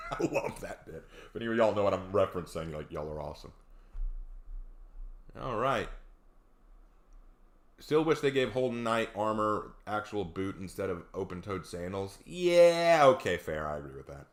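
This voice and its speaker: Male streamer, relaxed and chatty, lowish voice, answers chat live. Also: moderate pace, long pauses. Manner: laid-back, chatty, tells stories. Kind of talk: casual live-stream chat, reading and answering viewer comments.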